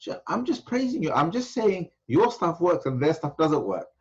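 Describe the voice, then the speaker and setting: A man voicing an anxious flattering man who pleads and insists he is only giving praise, in a high put-on voice. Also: a little fast, highs cut off. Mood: pleading. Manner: pleading, eager to please.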